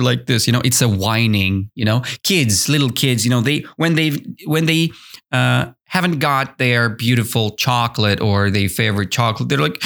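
A man's voice: mid-range voice, moderate pace, creaky. A man teaching English on a podcast, explaining a story and asking his listeners questions as he goes. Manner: animated, repetitive, asks listeners questions. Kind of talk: explaining a story in a language lesson.

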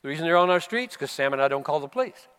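An American preacher in his seventies delivers a sermon with a fairly high, reedy voice. He builds to impassioned, emphatic bursts, then sinks back to low, quiet reflection. His voice rings out with a long reverb from a large conference hall. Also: lively intonation, very fast, smooth. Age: 70s. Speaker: pastor.

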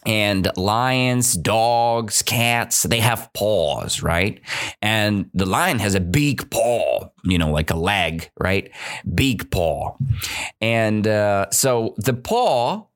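A man teaching English to learners, reading a fable aloud and then explaining it slowly and deliberately, often checking in with "right?". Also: fairly low pitch, expressive, a bit bright.

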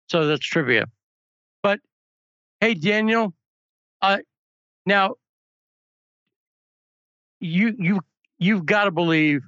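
A man's voice: on the high side, bright, forceful tone, no room sound, highs cut off. A man hosting a political talk show, chatting casually and telling anecdotes. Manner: chatty, storytelling asides.

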